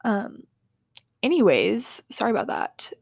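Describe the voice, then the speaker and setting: A young woman hosts a casual podcast and wanders through stories with giggles and apologetic asides. She often sinks into near-whispers. Her voice has a gravelly fry, and the sound is dry and close to the mic. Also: medium pitch, fairly even intonation, measured pace, dry recording. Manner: rambling, drifts into soft whispers. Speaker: podcast host.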